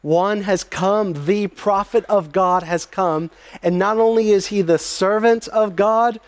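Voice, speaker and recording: A man's voice: high-pitched, dry recording. Man preaching an emphatic sermon. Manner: emphatic preaching with dramatic pauses and slowed phrases. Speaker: pastor.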